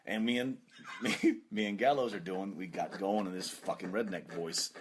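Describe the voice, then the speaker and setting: A man's voice: sits low, moderate pace, slight background noise. A man co-hosting a podcast, telling stories in casual chat, cursing and laughing often. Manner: laughs often, profane, storytelling. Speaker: podcast co-host.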